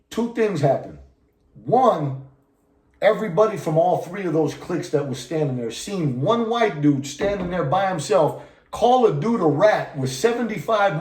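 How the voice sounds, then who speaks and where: A man's voice: a little high, darkish tone. A man from California, a podcast guest telling a story in heavy street slang and profanity, acting out the lines of the people in it. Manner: profane street slang, constant "you know what I'm saying"; acts out quoted dialogue. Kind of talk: casual storytelling. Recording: roomy echo.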